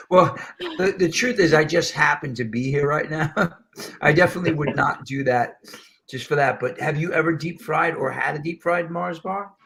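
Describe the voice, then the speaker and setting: A middle-aged man from New York hosting a show, telling stories in an animated casual way. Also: fairly high pitch, measured pace. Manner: animated storyteller, slips into voices. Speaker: show host. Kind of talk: casual storytelling chat.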